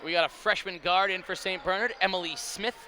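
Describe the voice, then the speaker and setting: Male color commentator, high voice, rambling emphatic analysis, gym noise clear behind. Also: fairly even intonation, fairly quick, sharp tone. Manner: rambling, many restarts and fillers, emphatic analysis. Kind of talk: basketball commentary.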